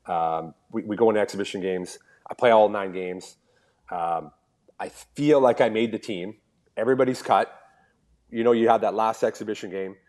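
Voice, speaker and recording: A man with a low voice, a former pro hockey player from Canada, guesting on a podcast. He tells long stories in a relaxed, casual way and voices the people he quotes. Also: moderate pace. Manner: animated storyteller, acts out quoted dialogue. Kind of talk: casual storytelling interview.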